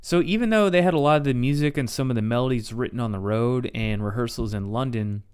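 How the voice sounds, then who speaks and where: Male podcast host, plain mid pitch, smooth clear voice, dry close mic, casual storytelling tone. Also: fast talker, darkish tone, dry recording. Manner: loose and conversational, reads quotes aloud. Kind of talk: casual history narration.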